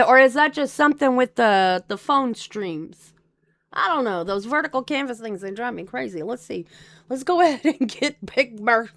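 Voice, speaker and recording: This is a woman hosting a livestream in loose, casual chat with her viewers. Her voice sits high and swings widely in pitch, with a gravelly rasp under it. She rambles and breaks into laughter often. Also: a bit bright, no echo. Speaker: livestream host.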